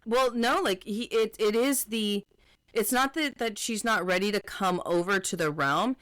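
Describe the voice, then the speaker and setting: A woman's voice: mid-range voice, measured pace, a bit bright, no room sound. A woman co-hosting a podcast, chatting casually about a book and restarting her sentences as she paraphrases characters. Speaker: podcast co-host.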